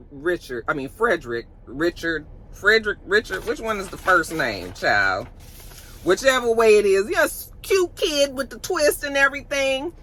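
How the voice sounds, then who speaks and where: Bright-voiced chatty woman vlogger. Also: medium pitch. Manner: chatty, gossipy, animated storytelling. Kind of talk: casual chat.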